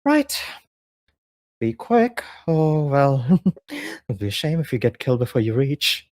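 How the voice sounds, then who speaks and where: A man's voice: medium pitch, very animated, takes it slowly, darkish tone. A man voicing Dagon, a terse male leader giving clipped, wry orders in a tabletop game. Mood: urgent.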